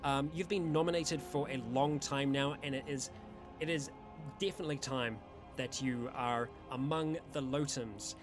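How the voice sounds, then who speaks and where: Over music, a YouTube roleplay channel host runs a casual monthly community Q&A in a medium-pitched, fairly even voice at a moderate pace. His voice is weak and giving him trouble, and he rambles self-deprecatingly, restarting often and filling gaps with fillers.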